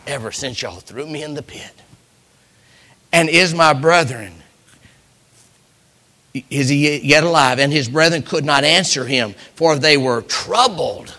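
Slow, bright-voiced preacher, swinging loud to whispers. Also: male voice, on the high side, expressive, long reverb tail. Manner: dramatic storytelling, acting out Bible characters, dropping to whispers. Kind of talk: sermon.

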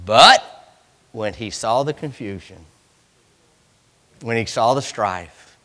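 A man preaching a sermon in a church, swinging from loud cries to hushed lines. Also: medium pitch, animated, takes it slowly, big-room sound.

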